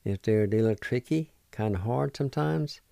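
A man's voice: lowish voice, moderate pace, gravelly, mellow, clear, resonant tone, no echo, studio quality. A man hosting a radio language lesson, patiently spelling words letter by letter and repeating each pronunciation. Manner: encouraging. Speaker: radio host teaching Cherokee words.

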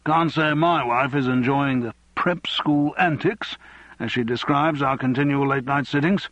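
A man's voice: mid-range voice, normal speed, fairly bright tone, no echo, highs cut off, voice pushed up, close to an everyday voice. A man playing a firm, commanding party whip.

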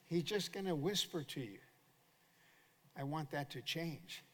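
A man's voice: fairly high pitch, measured pace. Older male pastor preaching in a hall. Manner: animated preaching with call-and-response to the congregation. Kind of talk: sermon. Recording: long hall reverb.

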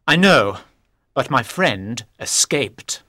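A man's voice: medium pitch, very animated, slow pace, bright, forceful tone, no echo, clean studio sound, heavily acted. A man voicing a haughty young male bank robber in an audiobook, speaking in an arrogant, mocking manner. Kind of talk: audiobook character voice.

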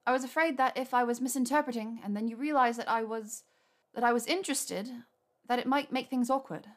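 A woman voicing a flustered, earnest young witch who talks in a rushed, nervous way. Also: on the high side, voice pushed up, lightly acted.

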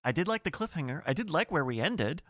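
Wry, laid-back man with a lively pitch. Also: fast talker, no room sound, clean studio sound. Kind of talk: casual discussion of a TV series.

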